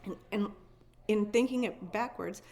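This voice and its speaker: A woman's voice: medium pitch, a little slow, a little mellow, slight background noise. A woman at a conference telling an eerie first-person story with emotion, repeating and restarting words and acting out her own thoughts. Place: conference venue.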